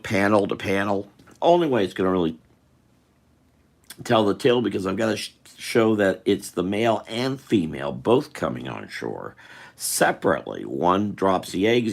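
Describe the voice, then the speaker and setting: A man's voice: deep voice, creaky. A man chatting casually and thinking aloud to his viewers as he draws live. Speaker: artist drawing live for viewers. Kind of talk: casual rambling chat while drawing.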